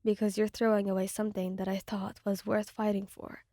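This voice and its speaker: A woman's voice: mid-range voice, level tone, brisk, dark tone, no room sound, studio quality, voice pushed down, lightly acted. Woman voicing a heartbroken, trembling listener. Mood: hurt. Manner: trembling, hurt, defiant.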